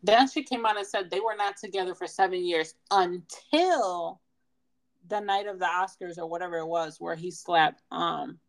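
A young woman, co-hosting a casual podcast chat and telling stories in an animated way. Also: on the low side, moderate pace, rough recording. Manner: animated storyteller, laughs often. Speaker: podcast co-host.

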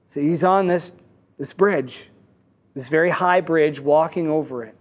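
A man telling a fable in a sermon, with a halting delivery full of repeated words and restarts. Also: a little high.

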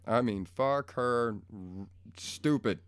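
A man's voice: mid-range voice, slow pace, smooth, dry recording. A man in a casual, profane rant to his viewers, blunt and crude, rambling and easily pulled off track, recorded at home. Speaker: vlogger. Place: home room.

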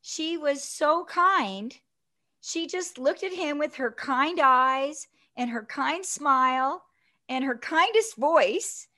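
High-voiced woman telling a story. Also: slow pace. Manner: animated, chatty, often adds "right?". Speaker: guest. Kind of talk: personal storytelling in conversation.

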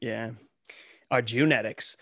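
A man's voice: mid-range voice, steady tone, takes it slowly, fairly bright tone, no echo. A young man from Ohio co-hosting a comedy podcast in a casual chat, full of sarcastic, ironic riffs. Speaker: podcast co-host.

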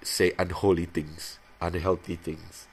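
Low-voiced man rambling through a confession. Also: level tone, slightly rough. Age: 30s. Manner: rambling, halting, with many restarts; bursts into high-pitched playacting when imitating himself. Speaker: podcast host. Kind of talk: casual personal confession.

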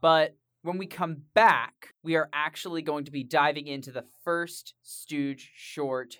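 Dry, deadpan podcast co-host. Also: medium pitch, unhurried. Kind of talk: casual chat.

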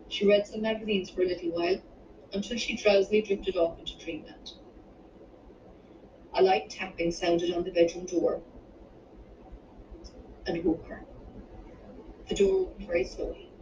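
A woman reading her own novel aloud in measured storytelling. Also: medium pitch, a little mellow, slight background noise. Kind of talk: audiobook narration. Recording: distant roomy dull-sounding recording.

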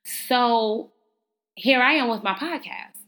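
Slow and animated, a young woman's fairly high, somewhat bright voice carries her motivational podcast, which she hosts alone. She chats casually, leans preachy, and keeps saying "y'all" to her listeners.

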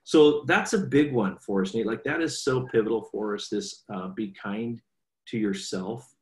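A man in his forties telling stories earnestly in a conversational interview, animated as he quotes his children. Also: fairly low pitch, moderate pace. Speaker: guest speaker. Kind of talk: conversational storytelling. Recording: echoey room.

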